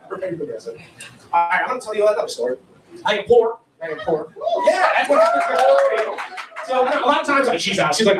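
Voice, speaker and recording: A high, lively man from Ohio tells his stand-up stories in a rambling way and laughs along with his own jokes. He sounds a little far from the mic in a roomy, echoing venue. There is steady noise behind him. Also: fast talker, a crowd in the background. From Ohio, USA. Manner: rambling storytelling with frequent laughs. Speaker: stand-up comedian. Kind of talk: stand-up comedy set. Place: comedy club stage with audience. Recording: roomy, distant live venue recording.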